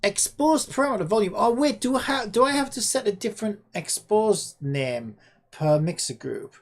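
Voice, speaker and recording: A woman's voice: medium pitch, lively intonation, moderate pace. A woman streaming while she codes a game, chatting casually, exasperated and scolding an AI chatbot with sarcastic swearing. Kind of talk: casual livestream chat while coding.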